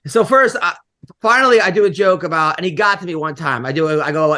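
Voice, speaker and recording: A middle-aged male comedian hosting a podcast, telling rambling, animated stories and laughing often. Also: fairly high pitch, fairly quick. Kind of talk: casual podcast chat, storytelling.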